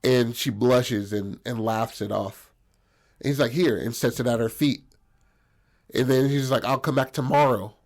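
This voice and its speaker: A man's voice: mid-range voice, steady tone, measured pace, gravelly, long pauses, darkish tone. A man casually telling a story on a podcast, rambling and profane with lots of fillers.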